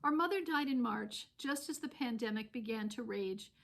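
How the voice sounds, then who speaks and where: A woman's voice: fairly high pitch, moderate pace, vocal fry. A woman sincerely reading a memorial tribute to her late mother. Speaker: daughter giving a remembrance.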